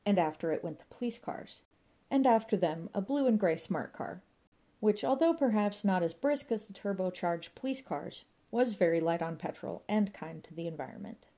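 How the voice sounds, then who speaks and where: A woman narrating a comic story in a lively, playful way, voicing sound effects as she reads. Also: medium pitch, moderate pace. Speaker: audiobook narrator.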